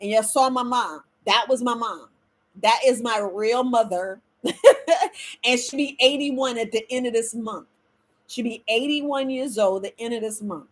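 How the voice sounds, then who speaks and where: Middle-aged woman, herbal-remedy live streamer, husky, a bit high, animated. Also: measured pace. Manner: animated, preachy, addresses viewers as family. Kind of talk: casual live-stream talk. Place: at home.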